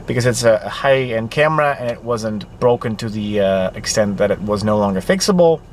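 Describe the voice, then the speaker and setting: Fairly quick and with lively intonation, a low-ish voiced Dutch-native vlogger talks casually into his handheld camera mic. His rambling chat is packed with fillers, and light background noise is audible.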